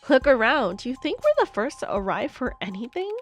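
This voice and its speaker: A woman voicing a stiff, sharp-tongued young female detective who speaks curtly and sarcastically in a visual novel reading. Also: high voice, sing-song, fairly quick, soft background music. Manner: curt and sarcastic.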